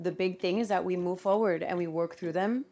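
A mother on a parenting podcast talking earnestly and gently about feelings. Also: fairly low pitch, brisk, soft background music. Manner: earnest, gentle advice-giving. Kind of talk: casual podcast conversation.

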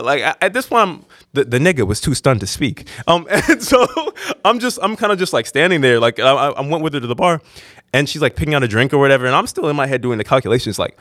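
Rambling, lively young man telling a story. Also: medium pitch, fast, no echo, clean studio sound. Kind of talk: casual personal anecdote.

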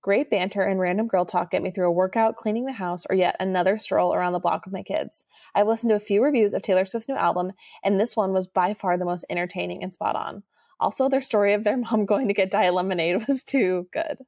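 A young woman co-hosting a podcast in casual chat, expressive and self-mocking. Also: mid-range voice, quick pace. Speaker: podcast co-host.

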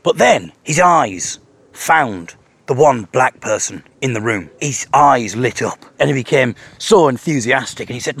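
A man's voice: medium pitch, lively intonation, unhurried, vocal fry, fairly bright tone, slightly rough. A man hosting his podcast, telling a rambling, self-mocking story in a casual monologue with chuckles. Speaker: podcast host.

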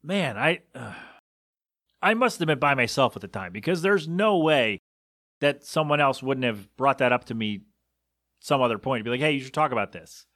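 A man's voice: medium pitch, lively intonation, normal speed, fairly bright tone, no echo, clean studio sound. A man hosting a solo podcast, ranting in disbelief with rhetorical questions and coughing a bit. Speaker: podcast host.

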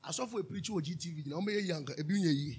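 A Ghanaian man preaching a sermon as pastor, animated, drifting into sung lines and asking his listeners to answer back. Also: fairly high pitch, fast talker, slightly rough. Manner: calls for audience responses, asks and answers himself.

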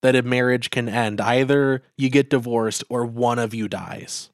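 Brief: young male podcast co-host, smooth clear voice, dry close sound, deadpan matter-of-fact delivery. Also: mid-range voice, unhurried, no echo. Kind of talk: casual chat.

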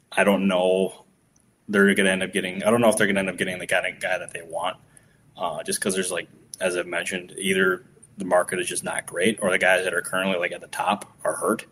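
Man, very deep voice, podcast co-host, relaxed sports chat, faint noise behind. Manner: relaxed, loose with fillers.

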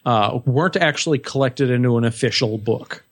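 A man's voice: medium pitch, moderate pace, no echo. Thoughtful hesitant man, dry sound. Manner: thoughtful, hesitant, many fillers. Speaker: podcast co-host. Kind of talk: casual chat.

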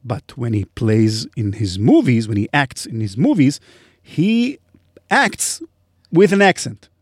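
Man, Hebrew accent, podcast host, live panel chat, very expressive pitch, laughs a lot. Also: takes it slowly, slightly rough, no echo, studio quality. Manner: animated, laughs often.

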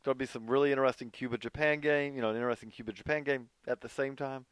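A man's voice: medium pitch, fairly even intonation, rapid-fire, smooth, no room sound. Male podcast host, easygoing, hedging chat, dry close sound. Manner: easygoing, hedging, repeats himself. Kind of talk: casual sports chat.

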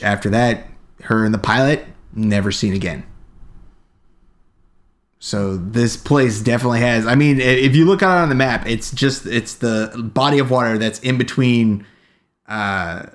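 A man's voice: lowish voice, unhurried. Rambling man co-hosting a podcast. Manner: rambling, with frequent fillers. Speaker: podcast co-host. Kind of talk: casual chat.

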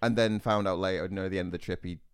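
Young male podcaster, lowish voice, lively, foul-mouthed, in a dry room. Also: clear, resonant tone, no room sound. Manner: animated, swearing, quick retorts. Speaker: podcast host. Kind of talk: casual storytelling chat.

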